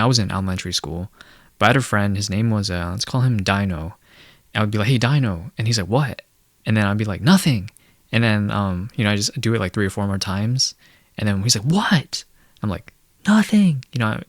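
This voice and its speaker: A man's voice: lowish voice, a bit bright, no room sound, studio quality. Blunt young man ranting casually. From Asia. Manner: rambling, filler-heavy, blunt and sardonic. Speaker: commentary video host. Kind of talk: casual rant monologue.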